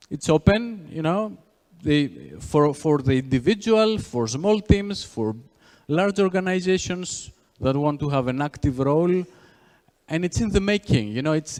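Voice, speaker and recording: A man's voice: fairly high pitch, a little mellow. Brief: Greek-accented male conference speaker, filler-heavy delivery, reverberant hall. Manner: frequent "you know" fillers, restarts. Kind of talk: tech conference talk.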